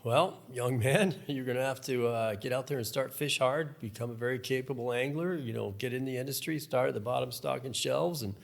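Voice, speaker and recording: Animated man telling fishing stories. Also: medium pitch, brisk, vocal fry, hardly any pauses. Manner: storytelling, animated, acts out voices. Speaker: guest, professional fly fishing angler. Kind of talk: casual podcast conversation.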